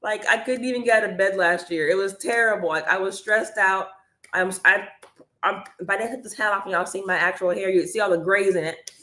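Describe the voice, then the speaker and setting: An energetic woman talks straight to her live-stream viewers, chatty and upbeat as she teaches. Her voice sits in a middle pitch. The sound bounces around an echoey room. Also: a little fast. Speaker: online business coach.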